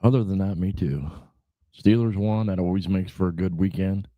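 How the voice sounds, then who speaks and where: A man's voice: sits low, normal speed, warm tone, no echo. Rambling, laid-back biker guy on a livestream. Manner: rambling and laid-back, swears freely, fillers like "you know". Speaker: podcast host. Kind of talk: casual livestream chat.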